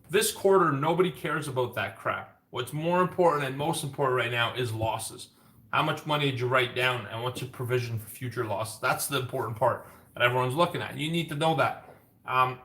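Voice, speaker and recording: A man's voice: mid-range voice, pushed and bright. A man giving a daily stock market update, explaining bank earnings in a casual, blunt way with joking asides.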